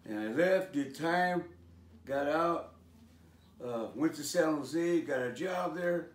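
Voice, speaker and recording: A man's voice: on the high side, slow. A man in his sixties from California gives a personal testimony about his life. He talks casually, with lots of "man" and "you know" and some street slang. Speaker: speaker sharing his life story. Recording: echoey room, voice from a distance.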